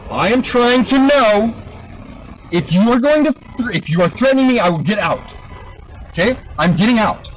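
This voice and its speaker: A man's voice: very high voice, lively intonation, moderate pace, slight background noise, low-quality recording. A man in his car at a roadside stop, arguing with police, repeating his questions over and over and swearing as he gets agitated. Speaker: driver at a traffic stop. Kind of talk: confrontational argument with police.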